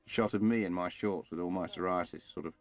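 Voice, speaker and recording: A middle-aged man, a film director chatting animatedly through a commentary with quick asides. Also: sits low, fairly even intonation, faint music behind. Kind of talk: DVD commentary chat.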